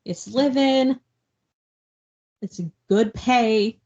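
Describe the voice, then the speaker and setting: A woman's voice: a little high, drawn-out words, darkish tone. A woman co-hosting a book podcast, casually retelling a novel's plot in a rambling way and filling her speech with "like". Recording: dull lo-fi podcast audio.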